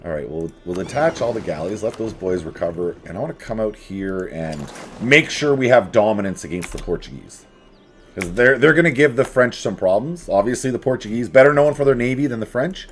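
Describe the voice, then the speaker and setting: A man's voice: on the low side, lively intonation, fairly quick. A man giving casual, jokey commentary while playing a strategy game, chatting to his units as he goes. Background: faint game music.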